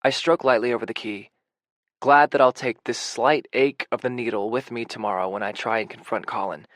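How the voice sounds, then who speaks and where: A man's voice: medium pitch, fairly even intonation, fairly quick, no room sound. Man narrating an intimate audiobook. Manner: quiet, intimate. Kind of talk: first-person audiobook narration.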